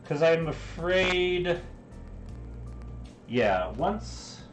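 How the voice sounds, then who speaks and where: Guy chatting on a craft stream in his kitchen, high voice, jokey and rambly. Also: big pitch swings, extremely slow, soft background music, low-quality recording. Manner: rambling, joking. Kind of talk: casual live-stream chat while crafting. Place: home kitchen.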